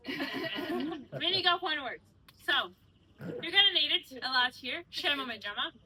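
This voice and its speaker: Bright high-voiced female tour guide. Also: low-quality recording. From Georgia. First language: Georgian. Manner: playful, teasing, explains with examples. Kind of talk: guided walking tour explanation. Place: outdoors in old city streets.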